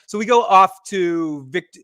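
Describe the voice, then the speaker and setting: A man hosting a show, briskly retelling the plot of an episode and acting out the scenes he retells. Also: high voice, sharp tone, clean tone, no echo, studio quality. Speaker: podcast host. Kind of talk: casual recap narration.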